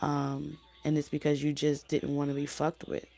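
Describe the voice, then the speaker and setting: A woman with a low, mellow voice talks through a tarot reading in a loose, rambling way. She circles back, restarts her sentences and leans on fillers, and her voice sounds like it is wearing out toward hoarseness. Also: completely flat delivery, moderate pace. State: losing her voice. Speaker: tarot reader. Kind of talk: casual spoken tarot reading.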